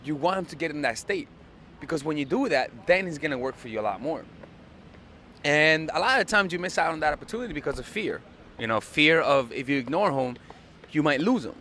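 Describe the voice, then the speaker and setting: A man's voice: on the high side, animated, fairly quick, bright, forceful tone, a little hiss or hum. A young man giving casual dating advice, blunt and profane, repeating himself for emphasis. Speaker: dating coach.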